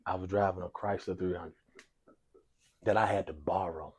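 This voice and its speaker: A man's voice: low voice, normal speed, slightly rough. A man, a basketball coach telling a long personal story in an interview, repeating himself and acting out the dialogue. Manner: animated storyteller, acts out dialogue, frequent repetitions and "y'all". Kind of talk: storytelling in a sports talk interview.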